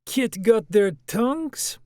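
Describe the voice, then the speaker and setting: A man voicing a confident, loud boy delegate with a light Russian accent, speaking in a brash, teasing way in an audiobook. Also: high voice, expressive, takes it slowly, dry recording, pitched above the performer's own voice.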